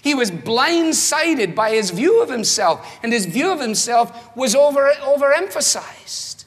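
Lively man preaching in a reverberant hall. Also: very high-pitched, a little slow, hardly any pauses. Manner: animated and rhetorical, acts out quoted voices. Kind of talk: sermon.

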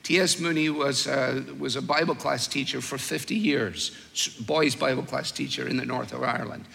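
Older preacher, gravelly and bright. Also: male voice, mid-range voice, steady tone, in a large hall. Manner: storytelling, with wry humor and slow, weighed emphasis. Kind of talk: sermon.

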